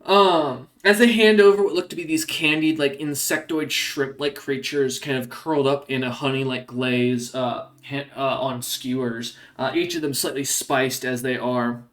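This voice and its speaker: A man narrating a tabletop game as game master, halting, with many ums and uhs. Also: mid-range voice, steady tone, a bit bright.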